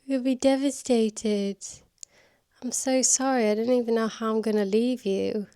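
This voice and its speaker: A woman talks slowly and unhurriedly from her living room, her voice sitting a little high. She chats in a self-deprecating way, laughs often, and drops into soft baby talk when she turns to her dog. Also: fairly even intonation, clear, resonant tone. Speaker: vlogger. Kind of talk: casual vlog chat. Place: home living room, indoors.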